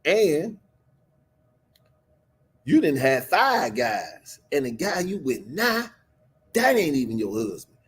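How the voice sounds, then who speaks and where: A man's voice: a little high, big pitch swings, takes it slowly, pauses often, husky, heavily acted. A man voicing a blunt, stern holy man. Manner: blunt, street-talking. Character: stern male teacher of scripture checking a woman.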